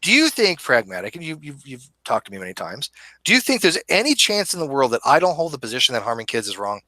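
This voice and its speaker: A man hosting a live online debate show, talking in an animated, emphatic and argumentative way. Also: mid-range voice, quick pace, dry recording. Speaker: host. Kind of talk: casual debate chat.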